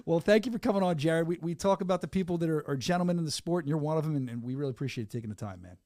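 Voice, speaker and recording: Fast-talking Philly-male podcast host. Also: a little high, no room sound, clean studio sound. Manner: animated, joking, fast-talking. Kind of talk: casual podcast chat.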